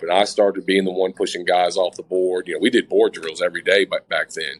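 Guy on a podcast telling his life story, lowish voice, lots of "i, i" restarts, calls everyone guys. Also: steady tone, a little fast, hardly any pauses, rough recording. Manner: stammering restarts, addresses listeners as guys. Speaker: interview guest. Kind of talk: casual storytelling.

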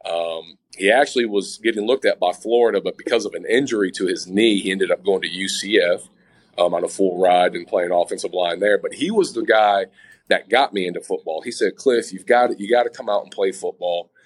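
A man with a low voice speaks a little fast over poor audio. As an interview guest, he tells a personal story in casual conversation, stammering and restarting his sentences and calling his listeners "guys."

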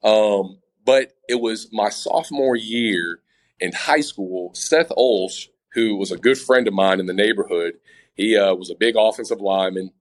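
A man's voice: fairly low pitch, measured pace, poor audio. A man being interviewed, telling a personal story in casual chat, often restarting his sentences and talking straight to the listeners. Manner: stammering restarts, addresses listeners as guys. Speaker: interview guest.

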